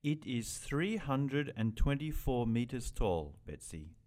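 A man's voice: medium pitch, very animated, slow, a little mellow. A man voicing welcoming boys from abroad. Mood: friendly. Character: friendly foreign boys from France, Japan, Germany. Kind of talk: slow scripted language-lesson dialogue.

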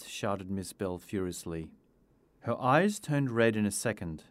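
A man reading a simple story aloud in a clear storytelling manner. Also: on the low side, lively intonation, measured pace, no room sound. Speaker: narrator. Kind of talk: scripted storybook narration.

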